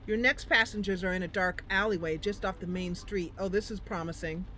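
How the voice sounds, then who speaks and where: A woman hosting a gaming channel, reading a story game aloud with giggly, expressive commentary. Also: mid-range voice, brisk, slight background noise.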